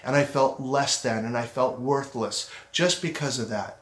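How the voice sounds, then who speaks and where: A man's voice: mid-range voice, fairly even intonation, fairly bright tone. Earnest man giving a motivational talk in a roomy space. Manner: earnest, slows down to stress points, acts out his inner critic. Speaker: self-esteem speaker and podcast host. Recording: roomy echo.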